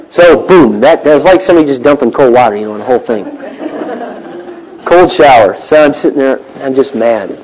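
Middle-aged guy preaching, gets loud then goes real quiet, mid pitch. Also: slight background noise, low-quality recording. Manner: animated, swings from loud to hushed. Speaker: pastor. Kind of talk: sermon.

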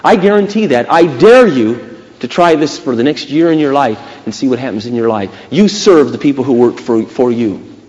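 A man preaching a sermon emphatically, with dramatic pauses between phrases. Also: mid-range voice, animated, a little mellow. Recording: long reverb of a church hall.

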